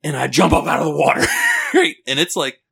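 A man's voice: on the high side, brisk, creaky. A man telling a rambling, profane story on a casual podcast, laughing as he goes and filling his talk with "like" and "right?". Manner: animated, full of fillers like "like" and "right?".

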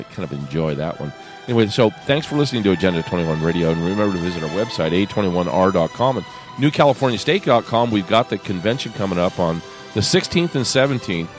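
A man hosting a talk radio show, reading and commenting in a sarcastic, rambling way with laughs. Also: deep voice. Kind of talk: casual talk radio monologue.

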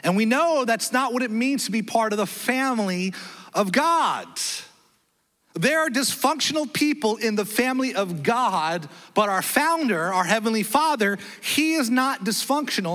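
A man pastor preaching a sermon in a church, telling a story with lively, self-deprecating delivery and acting out the dialogue. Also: extremely high pitch, a little slow, long reverb tail. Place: church sanctuary.

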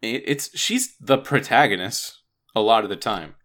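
Bright-voiced rambling podcast guy. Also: fairly low pitch, lively intonation, moderate pace. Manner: rambling, restarts words often. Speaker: podcast co-host. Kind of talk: casual gaming podcast chat.

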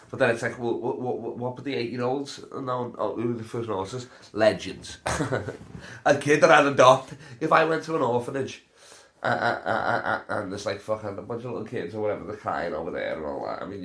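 Young guy, stoned, rambling podcast stories, swears a lot, lowish voice. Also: fast talker, a bit bright. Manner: rambling, laughing, sweary storytelling. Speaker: podcast host. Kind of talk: casual solo podcast chat. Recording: roomy echo.

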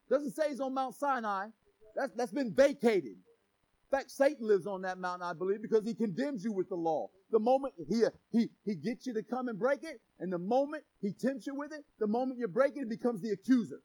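A man with a strikingly high-pitched voice preaching a sermon. He is animated and playful, joking with the congregation. He punches key phrases with shouted emphasis. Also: normal speed, rough recording. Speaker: pastor.

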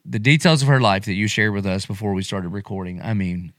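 A man's voice: on the low side, a little fast, dry recording, clean studio sound. A middle-aged man, a pastor hosting a podcast, talking casually and emotionally, acting out quotes as he goes. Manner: animated, emotional, acts out quotes.

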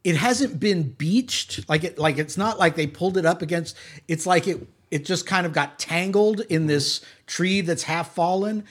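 Man, game master, tabletop game narration, high voice, casual and halting.

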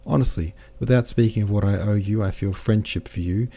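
A man's voice: lowish voice, a little fast, mellow. A man voicing a cheerful, effusive French army captain who is talkative and friendly, in a read novel. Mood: warm.

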